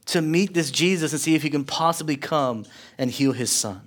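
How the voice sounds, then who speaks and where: A man preaching a sermon as pastor, rising in force on rhetorical questions and dropping low and soft when quoting. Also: moderate pace. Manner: impassioned preaching, swelling louder on questions and dropping low for quotes.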